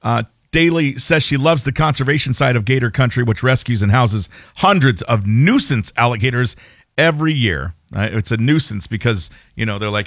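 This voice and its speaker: A man's voice: mid-range voice, animated, moderate pace, no echo, clean studio sound. A man co-hosting a radio show, reading a news story with wry, joking asides and laughing mid-sentence.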